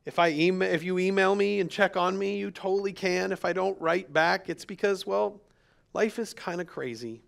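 A male pastor speaks openly to his church, slipping into the voices of people in his story. His voice sits a little high for a man, with a gravelly, fried edge. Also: normal speed, a bit bright. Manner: candid, storytelling, quoting others in dialogue. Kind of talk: sermon. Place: church sanctuary.

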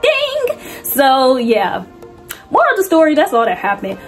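A young woman casually recapping a movie's plot, slangy and animated, with big swoops in her voice. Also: high voice, moderate pace, soft background music. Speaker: movie reviewer.

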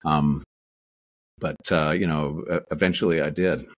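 A man's voice: extremely low pitch, steady tone, a little slow. A Canadian man, an actor, telling rambling anecdotes in a casual interview, full of restarts and fillers. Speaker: actor guest.

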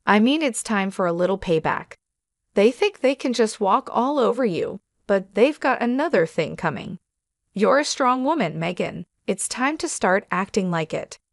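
A woman's voice: mid-range voice, animated, normal speed, no echo, studio quality, close to an everyday voice. A woman reading as a firm, loyal friend. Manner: firm and determined.

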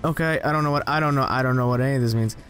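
A young man giving casual, rambling gameplay commentary, joking at himself and jumping into high excited yelps as he plays. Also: very fast, soft background music. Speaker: gaming channel host.

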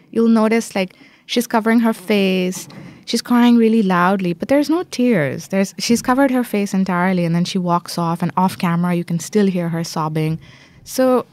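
Answering interview questions, a female journalist and author recounts a story smoothly, stressing points with energy. She speaks at medium pitch, recorded without echo.

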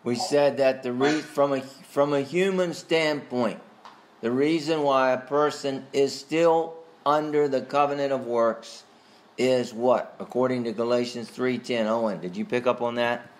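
A man teaching a catechism class, questioning students by name and pausing with frequent fillers. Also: medium pitch, fairly even intonation. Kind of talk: Bible study teaching.

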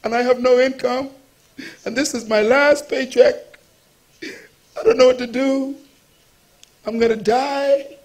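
A man's voice: extremely high pitch, measured pace, gravelly, exaggerated voice. A male preacher voicing a desperate, jobless single mother who pleads through sobs. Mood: weeping. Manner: sobbing, pleading.

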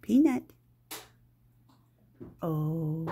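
A woman's voice: medium pitch, lively intonation, slow, a little mellow, soft background music. A woman filming her pet cockatoo on a phone at home, scolding it and cooing at it in playful baby talk. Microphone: phone held in hand.

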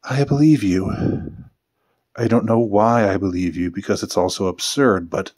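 A man's voice: deep voice, measured pace, breathy edge, exaggerated voice. A man reading a novel aloud, voicing a timid, earnest young wife in a small, hesitant voice. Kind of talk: audiobook character voice.

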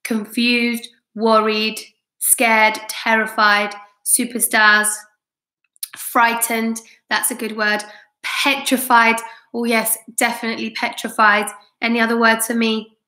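Encouraging female teacher, read-aloud storytime; slightly high, roomy sound. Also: level tone, takes it slowly, pushed and bright. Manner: encouraging, praising students. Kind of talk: reading a chapter book aloud to students. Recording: roomy echo.

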